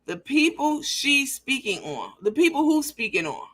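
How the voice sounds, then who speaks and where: A woman's voice: high-pitched, big pitch swings, normal speed, a bit bright. A woman hosting a livestream, reading viewer comments aloud and talking bluntly and profanely in a mocking, emphatic way.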